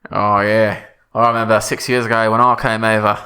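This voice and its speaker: A man's voice: lowish voice, little pitch movement, brisk, pushed and bright, smooth. A man voicing a chatty, boastful aristocrat swindler with a put-on Australian accent in improvised comedy. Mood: jovial. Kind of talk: improvised comedy role-play.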